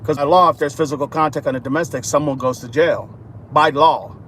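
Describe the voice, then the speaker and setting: A man's voice: on the high side, brisk, a bit bright, slight background noise, voice pushed down, natural voice. A man playing a nervous woman in a car brushing off a police officer with hasty reassurances.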